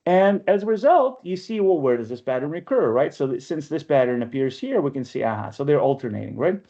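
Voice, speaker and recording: On the high side, with a sing-song lilt, a brisk pace and a dark tone, this man teaches an online poetry workshop. He explains step by step and keeps checking in with "right?", heard through lo-fi video call audio.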